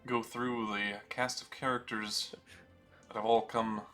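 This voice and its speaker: A man's voice: mid-range voice, flat delivery, unhurried, pushed and bright, soft background music. A young man acting as game master, narrating a tabletop game in a laid-back, self-deprecating way.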